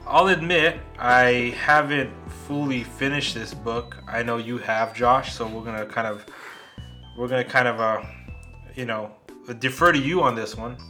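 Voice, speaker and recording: A man co-hosting a podcast, talking in a relaxed, filler-heavy way and reading an excerpt aloud. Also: medium pitch, moderate pace, faint music behind. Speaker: podcast co-host. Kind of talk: casual chat and reading aloud.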